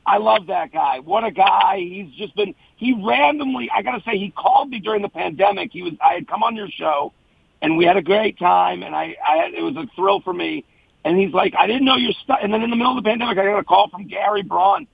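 A man's voice: high-pitched, expressive, brisk, gravelly, breathy edge, dry recording, narrow, tinny audio. A male comedian guest in casual chat, talking in an earnest, emotional, rambling way.

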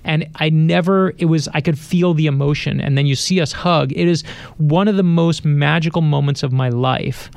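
Gravelly-voiced man telling a story. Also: a little high, normal speed, hardly any pauses, darkish tone, no room sound, studio quality. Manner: tells anecdotes acting out quoted voices. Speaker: best-selling author, interview guest. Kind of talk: animated storytelling. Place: radio studio.

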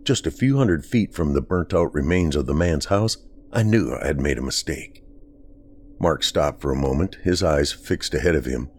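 Deep-voiced man narrating a horror story. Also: lively intonation, normal speed, darkish tone, slight background noise.

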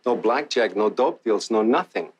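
A man's voice: lowish voice, lively intonation, moderate pace, close to an everyday voice. An actor playing a menacing male gangster who demands a cut of every deal, speaking in a commanding, threatening way in a crime film. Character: menacing male gangster claiming his turf. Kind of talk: film crime drama acting.

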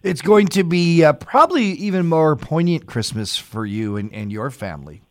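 A man's voice: on the high side, sing-song, normal speed, dry recording, studio quality. A man hosting a morning radio talk show, upbeat and friendly with his guest.

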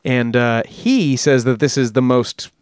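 A man hosts a casual storytelling podcast, his voice sitting in an ordinary middle pitch. He rambles, corrects himself and drops jokey asides. The sound is dry and close to the mic. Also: unhurried, clear, resonant tone, no room sound. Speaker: podcast host.

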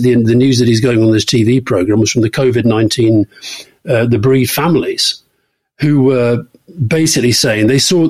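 A man's voice: mid-range voice, darkish tone. A man co-hosting a political discussion podcast, blunt and pressing his co-host for straight answers. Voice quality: husky.

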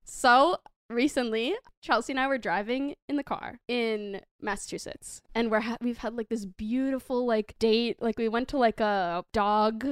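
High voiced woman cohost, chatty storyteller, dry close sound. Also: normal speed, few pauses, smooth, no room sound. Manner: animated storytelling, swears freely, laughs often. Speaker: podcast co-host. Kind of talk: casual chat.

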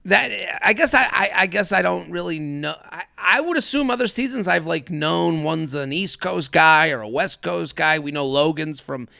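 A man with a gravelly, fairly high voice chats casually as a podcast co-host. He talks haltingly, restarting and filling his sentences. The sound is dry and close. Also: animated, pushed and bright, dry recording. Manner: halting, many restarts and fillers. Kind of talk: casual chat.

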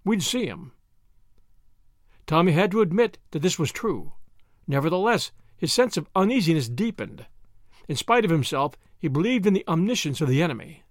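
Guy reading an audiobook, kinda high voice, bounces around a lot, super dry close sound. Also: lively intonation, no room sound. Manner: measured storytelling. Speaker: audiobook narrator. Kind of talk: scripted narration.

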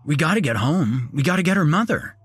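A man's voice: mid-range voice, very animated, moderate pace, husky, no echo, pitched above the performer's own voice. A man voicing a frightened, anxious father in a horror audio story. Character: frightened father protecting his little daughter.

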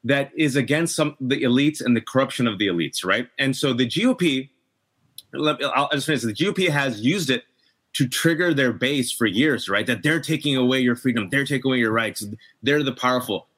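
A man's voice: mid-range voice, brisk, a bit bright. A middle-aged man speaking as a guest in a political discussion, impassioned and emphatic. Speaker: podcast guest.

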